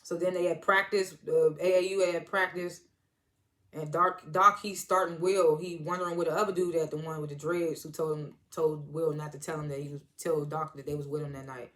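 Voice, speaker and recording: A chatty reviewer recaps a TV episode in a casual, rambling way, full of asides and restarts. The delivery is animated and keeps slipping into quoted lines. The voice sits at an ordinary middle pitch. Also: fairly quick.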